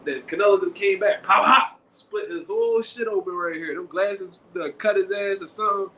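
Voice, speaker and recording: A man hosting a casual commentary show, talking in animated slang. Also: high-pitched, normal speed. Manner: animated, slangy, acts out quotes. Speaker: boxing show host. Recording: echoey room with faint background noise.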